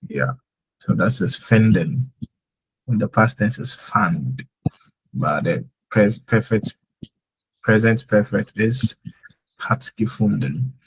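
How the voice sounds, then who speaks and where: Gravelly, husky-voiced male German teacher. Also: on the low side, takes it slowly, long pauses, poor audio. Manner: explains with many "like" fillers. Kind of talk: live online lesson.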